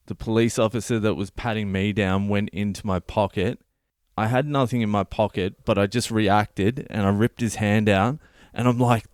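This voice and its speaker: Australian male comedian, low voice, dry close sound, sweary animated storyteller. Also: clean tone, no room sound. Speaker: comedian and podcast host. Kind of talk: comic storytelling monologue.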